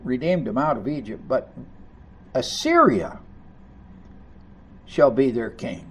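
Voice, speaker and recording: A man preaching a sermon, reading scripture aloud and commenting on it, rising to loud emphasis on key lines. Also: medium pitch, very animated, slow pace, breathy edge. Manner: reads scripture aloud and comments between passages.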